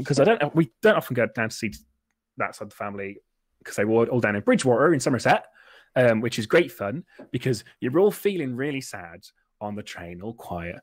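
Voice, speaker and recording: A man's voice: on the low side, dry recording. A man in his twenties telling a long comic story on a podcast, rambling and self-deprecating, with lots of restarts. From Britain. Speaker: podcast host.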